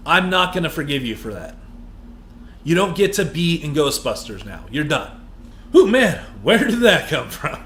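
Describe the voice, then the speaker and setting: A man giving a heated, profane movie review that builds into shouted rants. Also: on the high side, big pitch swings, normal speed, slight background noise. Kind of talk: ranting film review. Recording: echoey room.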